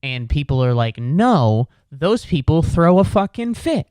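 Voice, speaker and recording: A man's voice: on the high side, very animated, unhurried, a little mellow, clear, resonant tone, no echo, studio quality. A young man hosting a comedy podcast, ranting in an exasperated, sarcastic way, swearing and slipping into put-on voices. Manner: jumps into put-on voices for quoted people. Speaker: podcast host. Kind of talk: comedic rant.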